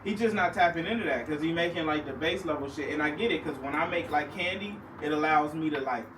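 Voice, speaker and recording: A man's voice: fairly high pitch, fast, roomy sound, distant mic, background noise. A man, a recording artist, talking casually and animatedly with friends, laughing and using a lot of slang. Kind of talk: casual chat.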